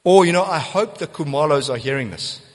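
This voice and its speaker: A pastor with a slightly high voice and lively intonation preaches a sermon a little fast. He's earnest and emphatic, repeating key phrases for weight, with long church hall reverb in the recording.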